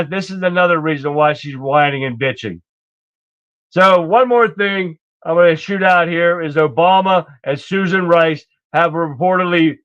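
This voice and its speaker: A man's voice: fairly high pitch, a bit bright, no echo. Indignant male livestream host, lo-fi audio. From United States. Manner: blunt, indignant, rambling, swears freely. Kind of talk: casual political commentary. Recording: dull lo-fi stream audio.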